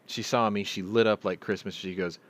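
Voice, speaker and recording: A middle-aged host runs a casual live chat, rambling from story to story and swearing freely. His voice is lowish and steady, and he talks fairly quickly in a profane, meandering storytelling style.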